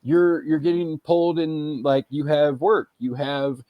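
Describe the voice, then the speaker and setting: A man's voice: on the high side, level tone, a little slow, dull audio, noisy background. A man in his thirties co-hosting a casual podcast, talking in a rambling, reflective way with lots of fillers. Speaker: podcast co-host. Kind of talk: casual chat.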